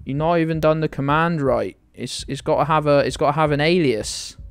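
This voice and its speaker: British man, streamer, slightly high voice, dry close sound, playfully indignant, chatty. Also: fairly quick, creaky, clear, resonant tone, no echo. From United Kingdom. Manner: playfully indignant, teasing his chat. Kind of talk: live game stream chat.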